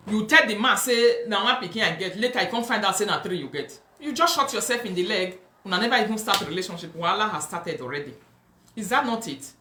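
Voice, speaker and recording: A Nigerian-accented woman hosts a live stream, lecturing viewers with emphatic, repeated points in a blend of Pidgin and English. Her voice sits at an ordinary middle pitch for a woman. The room around her is roomy and echoey. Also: fairly bright tone. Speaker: host of a live talk show. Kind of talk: live-stream commentary, reading viewer comments.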